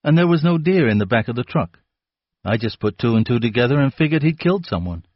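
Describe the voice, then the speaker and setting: Man doing a sneering teen boy, raised pitch, defiant, storybook reading, dull dry recording. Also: lively intonation, quick pace, no room sound, lightly acted. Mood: scheming. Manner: sneering, mocking. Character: sullen defiant teenage boy suspect.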